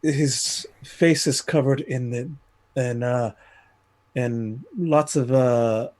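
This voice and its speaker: A man playing a tabletop game who talks slowly and hesitantly. He is chatting casually with the group. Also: medium pitch, darkish tone. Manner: unhurried, hesitant. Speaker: player. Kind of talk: casual chat.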